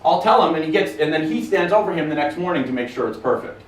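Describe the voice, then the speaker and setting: Taking questions from an audience in a conference room, a man speaks fast with a slightly high, expressive voice, keeping things casual, profane, blunt and jokey. The audio is roomy and picked up from a distance, with a faint background noise.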